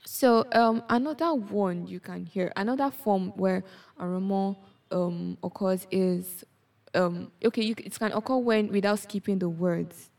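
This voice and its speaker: A woman's voice: mid-range voice, a little slow, gravelly, a little mellow. A woman explaining a language lesson on a podcast, often checking in with the listener as she goes. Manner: explanatory, checks in with "yes?" and "okay?". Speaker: Yoruba language teacher.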